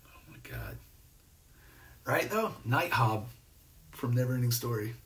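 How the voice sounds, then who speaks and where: Very noisy and recorded from a distance on a phone or webcam, this New Jersey man hosts a casual live stream. In an animated, unhurried, mid-range voice, he reads viewer comments and rambles in a laid-back way, with lots of fillers and restarts.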